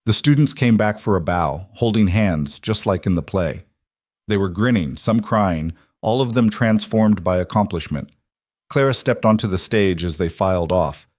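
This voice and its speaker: A male narrator reading a dramatic scripted story in a measured way. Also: fairly low pitch, a little mellow, no room sound, clean studio sound.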